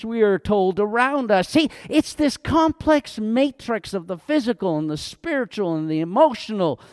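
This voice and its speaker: A man's voice: very high voice, clean tone, no room sound, clean studio sound. A middle-aged man, a pastor, preaching an earnest, conversational sermon that rises into emphatic outbursts.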